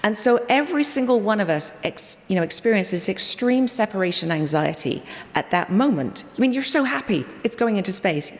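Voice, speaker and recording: A woman's voice: mid-range voice, animated, normal speed. A woman scientist giving a memorial tribute, telling stories animatedly with quoted dialogue. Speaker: project scientist sharing memories. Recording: long hall reverb.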